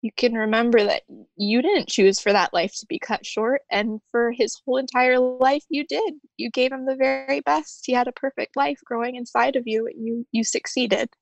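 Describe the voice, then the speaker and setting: A woman guest on a podcast speaking earnestly and gently about her own experience. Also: a little high, fairly even intonation, creaky, no echo, muffled recording. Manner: soft-spoken and earnest, reads a friend's letter aloud slowly. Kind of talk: heartfelt interview talk.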